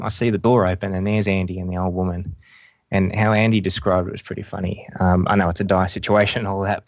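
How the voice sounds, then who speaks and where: Deep flat-voiced man. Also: dry recording. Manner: halting, many fillers and restarts. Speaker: helicopter pilot guest. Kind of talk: recounting a rescue story. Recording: dull lo-fi dry sound.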